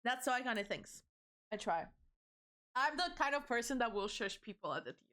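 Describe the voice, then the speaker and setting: A woman's voice: a little high, lively intonation, a little fast, bright, forceful tone. A young adult woman streamer chatting casually on a livestream, rambling through stories and swearing freely.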